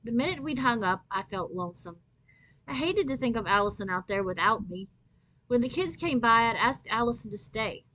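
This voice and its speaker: A woman reading a children's chapter book aloud as a storyteller, with lively first-person narration. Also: mid-range voice, fairly quick, low-quality recording.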